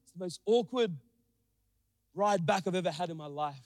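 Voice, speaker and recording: A young man preaching a sermon, telling a story with animated, acted-out quotes. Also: normal speed. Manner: animated, acts out quotes with big pitch jumps. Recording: long hall reverb.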